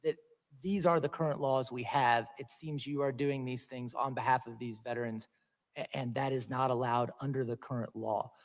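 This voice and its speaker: A man questioning a witness at a formal hearing, pointed and hurried against a time limit. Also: medium pitch, fairly even intonation, long reverb tail.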